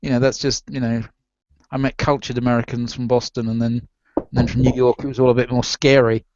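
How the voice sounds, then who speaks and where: Man, mid pitch, halting and filler-heavy, muffled lo-fi call sound. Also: flat delivery, background noise. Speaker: hangout participant. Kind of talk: casual online discussion.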